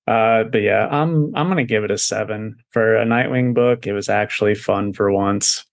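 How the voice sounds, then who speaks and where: A man's voice: lowish voice, vocal fry, dry recording. A man co-hosting a podcast, talking casually about comics in a laid-back way, swearing and laughing often. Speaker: podcast co-host. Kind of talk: casual comic review chat.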